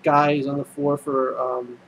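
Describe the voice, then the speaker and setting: A man's voice: mid-range voice, level tone, measured pace, background noise. A man casually recapping an anime episode, rambling and full of fillers and restarts. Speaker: anime reviewer.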